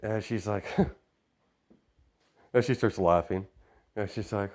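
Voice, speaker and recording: A man's voice: fairly low pitch, slow pace, pauses often, darkish tone. A young man improvising a fan-fiction story aloud, rambling with constant fillers.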